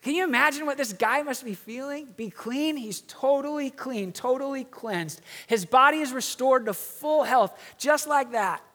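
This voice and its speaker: A middle-aged man, a pastor, telling a story in an earnest sermon and slowing down for emphasis. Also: very high voice, fairly bright tone, big-room sound.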